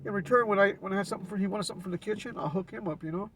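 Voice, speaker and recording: La guy, pretty high voice, slangy and chill, kinda distant from the mic. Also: racing, fairly bright tone, a little hiss or hum. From Los Angeles. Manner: laid-back street slang with frequent restarts. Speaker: storyteller. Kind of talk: casual storytelling.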